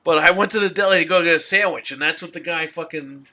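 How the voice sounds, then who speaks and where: A man rants casually on his podcast, exasperated and swearing through a long story. His voice sits a little high with a bright, tense edge. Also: brisk. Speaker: podcast host. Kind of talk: casual ranting chat.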